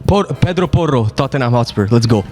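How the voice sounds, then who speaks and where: Excitable, dramatic young-sounding man. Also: medium pitch, fairly quick, soft background music. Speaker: quiz contestant. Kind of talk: casual banter.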